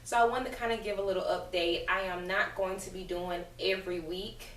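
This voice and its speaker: A woman's voice: mid-range voice, fairly even intonation, fairly quick, fairly bright tone, a little hiss or hum. Chatty, slightly breathless woman vlogging. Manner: chatty, rambling with many fillers. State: nauseous and out of breath. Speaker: family vlogger. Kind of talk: casual pregnancy update vlog.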